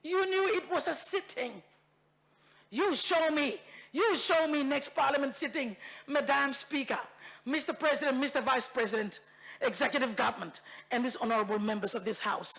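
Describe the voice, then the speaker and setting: Bougainville woman MP giving a fired-up speech in parliament, gravelly forceful voice, hammers lines over and over. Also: sits high, normal speed. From Bougainville, Papua New Guinea. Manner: impassioned, emphatic, repeats phrases for force; switches into Tok Pisin phrases. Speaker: member of parliament. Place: parliament chamber.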